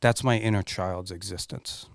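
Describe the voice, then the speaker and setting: Earnest middle-aged man, smooth resonant voice. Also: low-pitched, fairly even intonation, normal speed, dry recording, studio quality. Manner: earnest and emotional, swears freely. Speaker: guest. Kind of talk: candid personal storytelling.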